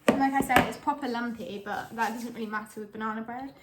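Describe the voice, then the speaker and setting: A woman's voice: a little high, fairly even intonation, fast, very noisy. Chatty young woman vlogging from her kitchen. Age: young adult. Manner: chatty, rambling, giggly asides. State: a bit out of breath. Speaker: lifestyle blogger. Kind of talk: casual chatty vlog. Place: home kitchen, indoors.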